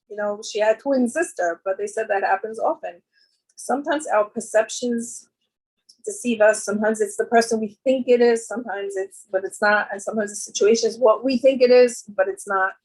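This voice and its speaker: A woman's voice: fairly high pitch, moderate pace, poor audio. A woman giving a storytelling talk to a women's gathering, chatty and full of fillers, often jumping into livelier voices for the people in her stories. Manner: conversational, with many fillers and jumps into quoted voices.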